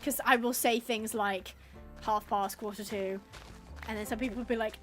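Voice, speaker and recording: A woman's voice: fairly high pitch, fairly even intonation, normal speed, soft background music. An English woman live-streaming a game, chatting casually and rambling, laughing often as she reads out the chat. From England.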